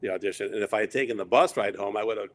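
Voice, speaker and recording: A middle-aged man telling long, rambling stories in a relaxed interview, acting out quoted lines along the way. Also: on the low side, very fast. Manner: rambling anecdotes with quoted asides. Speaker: interview guest. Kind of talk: casual storytelling.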